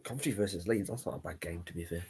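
A man's voice: low-pitched, racing, darkish tone, husky. An English man co-hosting a football watchalong, teasing his co-host and laughing often. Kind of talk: casual live commentary chat.

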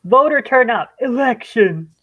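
A woman's voice: fairly high pitch, animated, fairly bright tone, lo-fi sound. A woman co-hosting a live stream in casual chat, giggly and easygoing. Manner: giggly and unhurried. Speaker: stream co-host.

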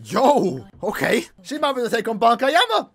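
High-voiced excitable young man reacting. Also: fairly quick. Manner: excitable, slangy exclamations and shouts. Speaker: anime reaction channel host. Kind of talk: casual anime reaction commentary.

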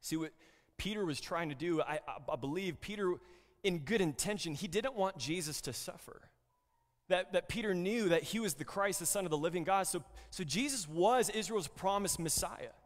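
A man's voice: sits high, animated, moderate pace, in a large hall. A man preaching a sermon as pastor, talking conversationally with many fillers and repeated words.

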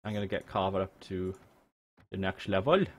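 A man with a Welsh accent chatting jokily and excitably while livestreaming a game, swearing now and then. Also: sits low, normal speed. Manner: excitable, jokey, swears freely. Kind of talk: casual live gameplay chat. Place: home room.

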